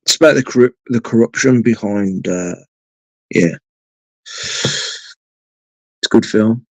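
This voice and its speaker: A man's voice: on the low side, takes it slowly, no echo, poor audio. A man hosting a late-night live stream from home, chatting to viewers in a rambling, sweary way. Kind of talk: casual chat with viewers.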